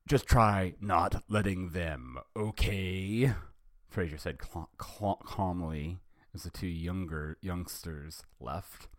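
A man's voice: extremely low pitch, darkish tone, dry recording, studio quality. A man hosting a podcast, reading fan fiction aloud and chatting hesitantly, with many ums and self-corrections. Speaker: podcast host.

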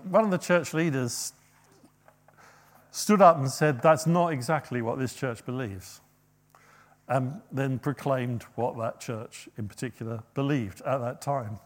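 A man preaching a sermon, rising to loud, emphatic quoted passages and dropping to quiet asides. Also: mid-range voice.

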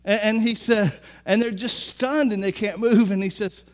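A middle-aged man preaching, retelling a story with lively asides and acting out the characters' lines. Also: high voice, moderate pace. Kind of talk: sermon.

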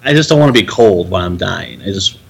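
A man co-hosting a podcast in casual chat, halting and heavy on fillers. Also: low voice, expressive, creaky, breathy edge, poor audio. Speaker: podcast co-host.

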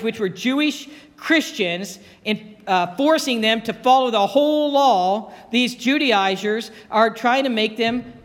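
Male pastor, high voice, earnest sermon delivery, echoes his key lines, long church reverb. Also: a bit bright. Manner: earnest, repeats key phrases for emphasis.

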